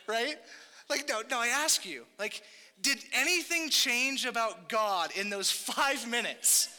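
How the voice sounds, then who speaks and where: A young man delivers a sermon in a loose, conversational style, correcting himself and tossing in jokey asides. His voice sits high and rings very bright. It carries the long reverb of a church hall. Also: sing-song, unhurried. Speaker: pastor.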